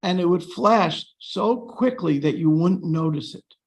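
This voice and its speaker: A man with a slightly high, gravelly voice leads a scripture class. His tone is loose and chatty, full of pauses and fillers, and he slips in dry sarcastic jokes. He talks to the room as if to friends. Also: poor audio. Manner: joking, dryly sarcastic. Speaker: class speaker.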